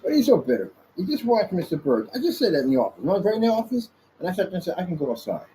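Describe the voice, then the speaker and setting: A man's voice: high voice, wildly swooping pitch, rapid-fire, mellow, slight background noise, rough recording. A man in a casual off-the-cuff vlog rant, rambling about his business and taunting his critics directly, sometimes stretching out words for emphasis. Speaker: small business owner vlogging. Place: office indoors.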